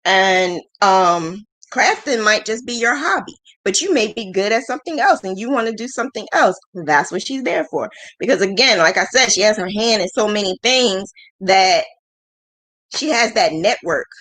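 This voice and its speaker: A woman in her thirties chatting casually on her own livestream. She rambles and laughs often, speaking frankly and teasing herself. Her pitch sits in an ordinary middle range. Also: animated, normal speed, fairly bright tone. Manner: frank and self-deprecating. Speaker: livestream host. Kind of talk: casual chat.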